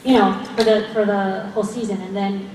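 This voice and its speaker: An actress at a fan convention panel, speaking earnestly and passionately with frequent laughs. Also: female voice, medium pitch, little pitch movement, brisk, a little mellow, slight background noise. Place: large convention hall. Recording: echoey hall, voice far off, faint crowd ambience.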